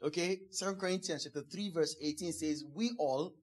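A man's voice: fairly high pitch, a little fast. A man preaching a sermon as pastor, emphatic, repeating key phrases again and again, and acting out quoted speakers. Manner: acts out quoted speakers in a playful voice.

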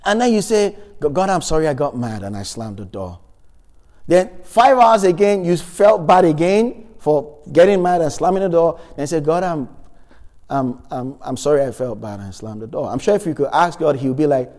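A man's voice: a little high, very animated, moderate pace, darkish tone, in a large hall. A man preaching a sermon, reading Bible verses and asking the congregation questions with emphasis.

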